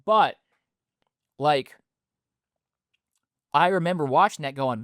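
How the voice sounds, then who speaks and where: A man's voice: mid-range voice, expressive, a little slow, dry recording, studio quality. Rambling thirties man with a stutter. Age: 30s. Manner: rambling, filler-heavy, loose and candid. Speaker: podcast host. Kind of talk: casual podcast monologue.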